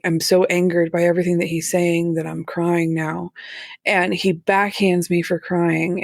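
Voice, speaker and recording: A woman telling her own story as a podcast guest, candid and halting, with nervous laughs. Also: lowish voice, gravelly, no room sound, clean studio sound. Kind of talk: personal story in a podcast interview.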